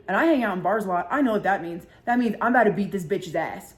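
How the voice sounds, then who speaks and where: A woman's voice: medium pitch, lively intonation, fast talker. Young woman podcaster rambling thru a story, cussing a lot, says like constantly. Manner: chatty and profane, many filler likes. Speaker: podcast host. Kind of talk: casual storytelling chat.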